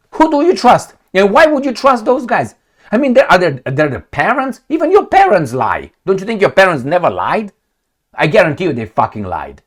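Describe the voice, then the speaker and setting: A man's voice: high-pitched, fairly bright tone. A man giving a heated, profane, sarcastic political commentary, reading news lines aloud and mocking them. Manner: reads news excerpts aloud, mocks with put-on quotes. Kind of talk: ranting video commentary.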